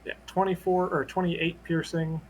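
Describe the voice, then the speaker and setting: A man playing a tabletop game, tossing out quick remarks on rules and damage. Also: on the high side, level tone, a little hiss or hum, low-quality recording. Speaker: player.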